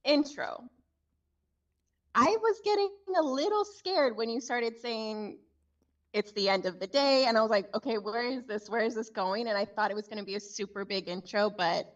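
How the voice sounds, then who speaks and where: A woman's voice: mid-range voice, normal speed, far from the mic. A chatty woman gives casual feedback on a sales call over a video call. She sits a little back from the mic, and the sound is dull and lo-fi. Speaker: judge scoring a sales call.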